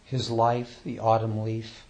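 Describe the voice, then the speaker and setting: A man giving an informal dharma talk as a Zen teacher, in a relaxed and conversational way. He chuckles often and restarts his sentences. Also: fairly low pitch. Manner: relaxed and conversational, reads poems slowly.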